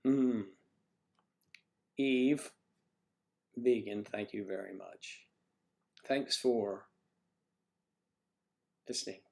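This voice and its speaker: A man's voice: fairly low pitch, drawn-out words, creaky, pauses often, darkish tone. A man hosting a casual livestream from home, nursing a cough as he rambles and jokes with his viewers. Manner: rambling, chatty, joking with the chat. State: has a cough. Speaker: livestream host. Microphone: microphone on a stand he keeps adjusting.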